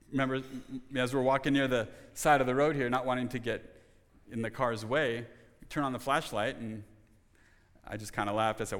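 A man's voice: medium pitch, a bit bright. Earnest male preacher in reverberant hall. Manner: earnest, repeats words while restarting. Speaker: pastor. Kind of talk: sermon. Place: church sanctuary. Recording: long reverb of a church hall.

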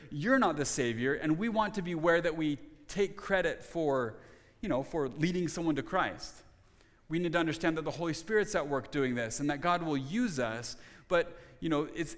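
A man's voice: on the high side, a bit bright. A middle-aged man preaching a sermon as a pastor, earnest, often repeating words as he restarts a thought. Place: church sanctuary. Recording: long reverb of a church hall.

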